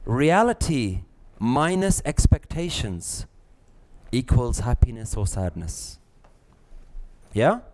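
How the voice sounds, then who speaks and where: Guy teaching a room, acts stuff out, laughs a lot, mid pitch. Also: slow pace, long pauses. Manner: lively, acts out scenes and voices, laughs often. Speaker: spiritual teacher. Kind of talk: live lecture to a class.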